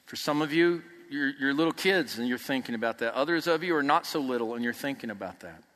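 A man preaching a sermon as pastor, emphatic, swinging from loud peaks to soft, quiet passages. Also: medium pitch, animated, fast. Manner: emphatic, rising to near shouts then dropping soft. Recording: long reverb of a large hall.

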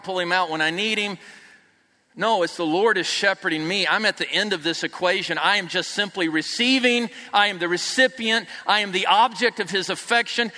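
A man delivers a sermon in a church sanctuary, his voice bright and somewhat high for a man. He presses emphatically to near shouts, then drops to soft, quiet lines. A long hall reverb trails every phrase. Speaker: pastor.

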